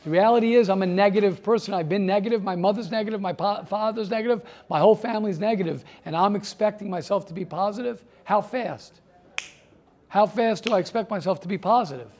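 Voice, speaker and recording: A man's voice: sits high, quick pace, a little mellow. A man teaching a class, firing off rhetorical questions and repeating himself, growing heated as he presses his point. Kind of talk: classroom talk with students.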